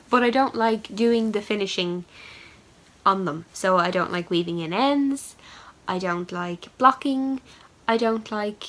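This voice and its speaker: A woman's voice: mid-range voice, fairly bright tone, poor audio. Chatty woman knitting podcaster. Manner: chatty, rambling, self-deprecating with fillers. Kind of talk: casual chat showing yarn.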